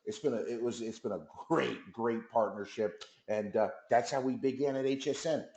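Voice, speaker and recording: A man's voice: mid-range voice, moderate pace, roomy sound, low-quality recording. A man guest on a talk radio interview, telling a story casually and acting out the back-and-forth dialogue. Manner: lively storyteller who acts out dialogue. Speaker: company executive guest.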